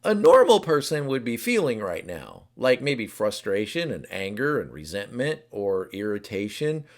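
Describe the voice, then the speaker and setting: A man's voice: fairly low pitch, big pitch swings, moderate pace. A man, a relationship coach, giving an informal teaching talk and speaking in the first person for each personality type.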